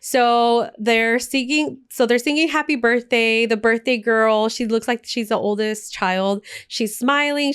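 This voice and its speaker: Podcast co-host, woman, bright smooth voice, chatty and emotional, casual talk. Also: a little high. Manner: chatty, emotional storyteller mixing in Spanish phrases.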